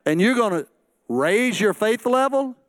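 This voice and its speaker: A man's voice: high-pitched, lively intonation, a little slow. A middle-aged man preaching a sermon as pastor, acting out quoted voices and joking asides.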